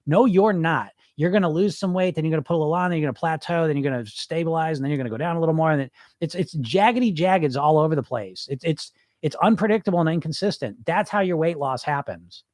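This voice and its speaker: A man's voice: a little high, lively intonation, quick pace, few pauses, a little mellow, no echo, studio quality. A man hosting a live podcast, talking bluntly and emphatically to his listeners, repeating points for effect. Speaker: podcast host. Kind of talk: live-stream chat reading comments.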